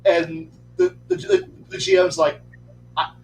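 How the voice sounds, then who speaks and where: A man on a podcast telling a tabletop game story in a casual, profane, animated way. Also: measured pace, soft background music, rough recording. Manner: animated, profane, acts out quotes in pitch jumps. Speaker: podcast panelist.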